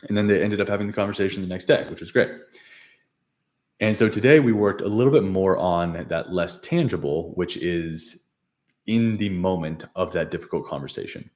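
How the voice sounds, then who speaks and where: A man's voice: deep voice, darkish tone. A young man coaching on habits, recapping a client session in a casual, rambling way, correcting himself and laughing at his own slips. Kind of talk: casual unscripted vlog recap.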